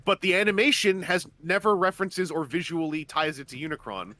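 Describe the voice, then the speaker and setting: Fairly quick and fairly high-pitched, this man's voice comes across pushed and bright. Chatting on his gaming stream, he goes on enthusiastically at length, stumbling through plenty of fillers and restarts.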